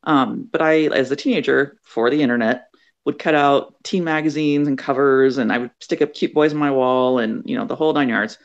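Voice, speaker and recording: Middle-aged woman author guest, fry in the voice, acts out her stories; muffled call sound. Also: very deep voice, fairly quick. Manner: acts out quoted voices, chatty. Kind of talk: animated storytelling in an interview.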